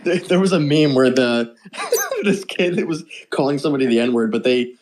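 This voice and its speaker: A man streaming and chatting on a voice call, telling stories in a loose, profane, animated way. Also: mid-range voice, moderate pace. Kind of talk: casual chat.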